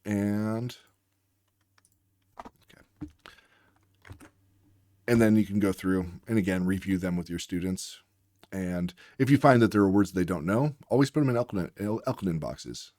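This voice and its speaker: A man with a deep, low voice explains reading lessons like a tutor, patiently breaking words into their sounds one by one. The recording is close and dry, with no room echo. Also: a little mellow. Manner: patient, walks through sounds letter by letter.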